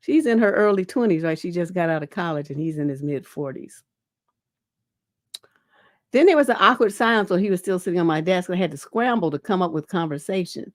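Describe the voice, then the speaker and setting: A woman's voice: on the low side, lively intonation, brisk, no room sound, clean studio sound. Blunt, casual woman relationship coach. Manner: blunt, casual, peppered with "you know". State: lingering cough. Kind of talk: livestream advice show, reading and answering questions.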